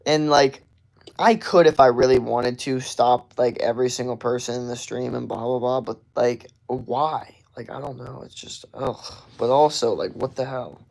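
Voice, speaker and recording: Young american guy streamer, gravelly fry in his voice, rambly and fed up with his chat. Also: medium pitch, moderate pace, a little mellow. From United States. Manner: casual, exasperated, rambling with many likes. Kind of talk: live stream Q&A reading chat.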